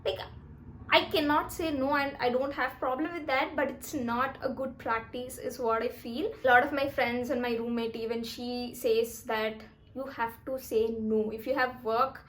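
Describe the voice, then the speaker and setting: Woman, twenties, slightly high voice, chatty, emphatic, casual vlog advice. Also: fairly even intonation, normal speed, a bit bright. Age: 20s. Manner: chatty and emphatic, talks while eating. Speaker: vlogger.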